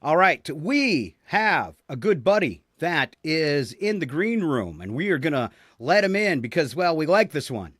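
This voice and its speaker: Lively high-voiced male radio host. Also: a little slow, few pauses, dry recording, clean studio sound. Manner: playful, laughing, teasing. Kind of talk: comedic morning radio hosting. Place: radio studio.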